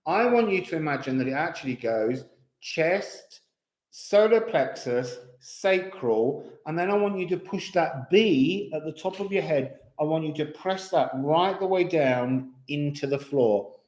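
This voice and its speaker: A man's voice: on the high side, lively intonation, a little slow, darkish tone. A man from England with a Kent accent, teaching a voice lesson in a chatty way, laughing often and counting breaths aloud. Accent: English, Kent. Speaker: singing teacher. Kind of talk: voice lesson, guided exercise. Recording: roomy echo.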